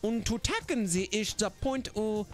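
A man's voice: high-pitched, expressive, normal speed, faint music behind, pitched above the performer's own voice. A man voicing a gung-ho German soldier with a hammy mock German accent, mixing broken German and English.

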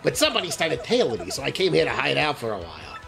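A man's voice: mid-range voice, huge pitch swings, fast talker, gravelly, music in the background, voice pushed down. A man voicing a cocky little male bandit creature from a game, sly and boastful.

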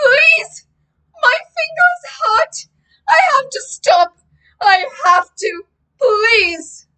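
A woman doing a shrill, sobbing, terrified boy. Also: big pitch swings, drawn-out words, bright, forceful tone, heavily acted. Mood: desperate pleading. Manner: pleading, shrill. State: crying. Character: terrified young boy begging to stop.

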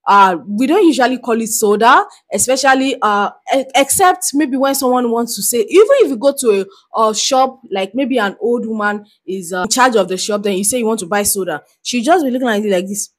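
A woman's voice: on the high side, a little fast, hardly any pauses. Chatty Nigerian woman reacting to clips. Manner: chatty, laughing, animated asides. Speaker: reaction video host. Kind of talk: casual reaction commentary.

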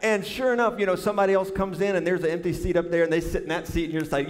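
A man delivers a sermon in a large sanctuary, and his voice sits a touch high. He tells stories with animated, drawling emphasis and often calls out to the crowd. A long reverb trails behind his words. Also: racing. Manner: animated, drawling, addresses congregation as y'all. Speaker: pastor. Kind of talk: sermon with humorous storytelling.

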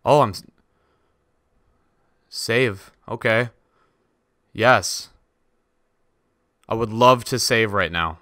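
A man's voice: fairly low pitch, extremely slow, long pauses, fairly bright tone, no room sound, clean studio sound. A man giving jittery, swearing commentary to himself as he plays a horror game. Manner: jittery, swearing, talks to himself while playing. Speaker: let's play gamer.

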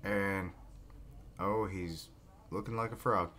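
Deep-voiced man reacting to a manga. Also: expressive, takes it slowly, slight background noise. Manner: casual, swears, reads panels aloud. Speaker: reaction video host. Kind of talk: live manga reading reaction.

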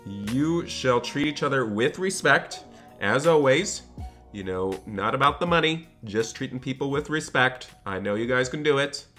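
A man's voice: medium pitch, expressive, moderate pace, fairly bright tone, faint music behind, lightly acted. A man voicing an earnest wedding priest. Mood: gentle. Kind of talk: game role-play voice-over.

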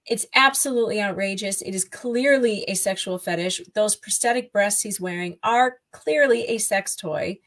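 A woman's voice: mid-range voice, moderate pace, few pauses, fairly bright tone, poor audio. A woman guest on a podcast interview, a writer, speaking in an indignant, emphatic way.

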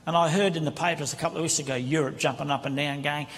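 A man's voice: fairly high pitch, fairly even intonation, fast talker, fairly bright tone. A man preaching a sermon from the pulpit, with impassioned, conversational preaching on a handheld microphone. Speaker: guest preacher. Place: large church sanctuary. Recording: reverberant church hall with congregation.

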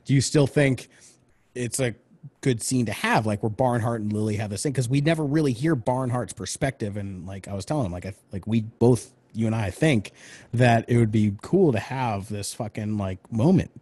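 A man talks through script ideas in a loose, rambling way, leaning on fillers. His voice has a breathy, husky edge. He keeps slipping into acting out the characters' lines. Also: mid-range voice, normal speed, a little mellow. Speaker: screenwriter discussing script notes. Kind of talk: casual brainstorming chat.

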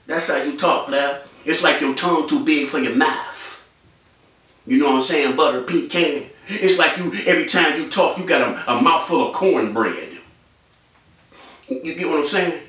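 Animated man ranting in an echoey room. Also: on the high side, moderate pace, distant mic. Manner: animated, repetitive, mocking. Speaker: YouTube commentator. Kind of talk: ranting commentary.

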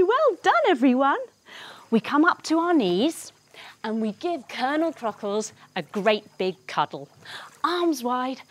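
A woman's voice: high-pitched, no room sound. A woman leading a children's yoga lesson as a story. She talks in a bubbly, encouraging, sing-song way. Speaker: kids' yoga teacher and storyteller.

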